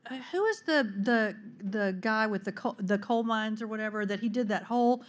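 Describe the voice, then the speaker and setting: A woman's voice: on the high side, moderate pace. A woman on a convention panel, chatting easily and agreeing enthusiastically. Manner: enthusiastic, easy chat with frequent agreement. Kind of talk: panel discussion.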